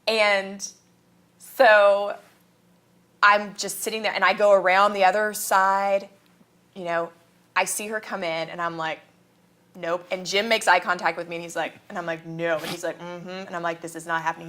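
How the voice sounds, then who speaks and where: A woman's voice: on the low side, flat delivery, moderate pace, fairly bright tone. A woman from Kansas, a guest in a casual interview, telling stories animatedly, acting out quotes and laughing often.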